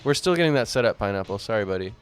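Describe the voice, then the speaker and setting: A man hosting a live-streamed talk show, chatting casually in a relaxed, rambling way with occasional chuckles. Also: on the low side, rapid-fire, soft background music. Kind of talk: casual chat.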